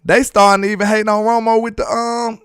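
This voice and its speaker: A man's voice: sits high, flat delivery, fairly quick, a bit bright, clean tone, no room sound, studio quality. Slangy laughing sports-stream host man. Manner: loose, slangy and repetitive, laughs often. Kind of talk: casual live-stream chat reading viewer comments.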